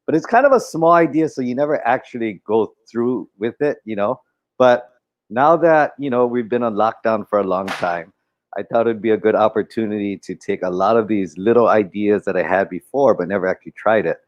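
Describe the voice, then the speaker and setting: A man's voice: on the low side, a little fast, dull audio. A man co-hosting a casual live stream, joking and teasing, laughing often. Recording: roomy echo with faint music.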